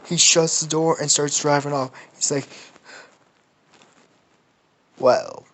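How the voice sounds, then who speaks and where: A man's voice: a little high, level tone, normal speed, a bit bright. A man casually making up a story as he goes, rambling and swearing, with lots of restarts. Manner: rambling and profane, with many restarts and laughs. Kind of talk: casual improvised fan storytelling.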